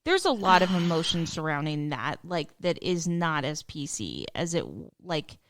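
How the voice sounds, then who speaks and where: A woman guest on a podcast, chatting casually about a film in a relaxed way, full of "like". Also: low voice, moderate pace, no echo, studio quality. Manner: relaxed, filler-heavy talk with lots of "like".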